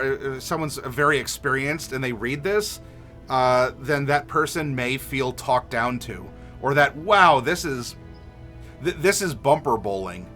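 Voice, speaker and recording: A man's voice: fairly high pitch, bright, forceful tone. A man casually chatting on a livestream, reading viewer messages aloud and rambling with lots of filler words. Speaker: streamer reading chat.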